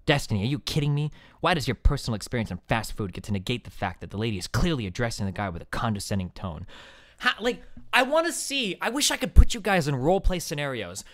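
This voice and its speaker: A man's voice: mid-range voice, very animated, fast, a bit bright, dry recording, clean studio sound. A young man hosting a live stream, arguing heatedly and ranting with exasperated, sarcastic, profane outbursts. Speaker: streamer host.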